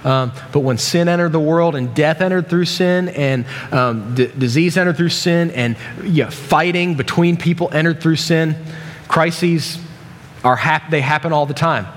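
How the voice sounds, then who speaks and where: A man's voice: a little high, a little slow. A man preaching a sermon in a casual, joking way, with many restarts and asides. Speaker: pastor. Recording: long reverb from a large hall.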